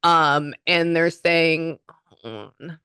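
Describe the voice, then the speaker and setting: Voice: mid-range voice, very slow, bright, forceful tone, clear, resonant tone, no echo. A psychic medium, chatting through a spirit reading and relaying messages.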